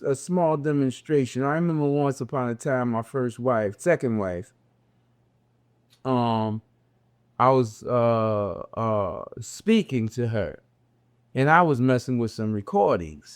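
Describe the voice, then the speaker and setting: An older man speaking with a long Southern drawl, his words drawn out and unhurried. He gives a religious reflection in a plain, conversational way, circling back over his own phrases. His voice sits at an ordinary middle pitch. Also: expressive. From American South, raised in a city. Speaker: religious teacher.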